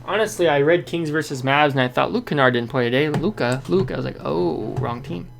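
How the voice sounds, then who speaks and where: A man's voice: on the high side, quick pace, vocal fry, music in the background. A man hosting a basketball fan show, giving a casual, rambling game recap that often corrects itself and sounds frustrated.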